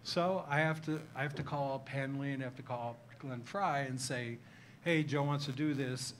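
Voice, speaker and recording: An older man from Cleveland, Ohio, a memoir author appearing as a guest at a live tavern talk, tells self-mocking, name-dropping stories about his own memoir. His voice is medium-pitched at a normal speed, with slight background noise.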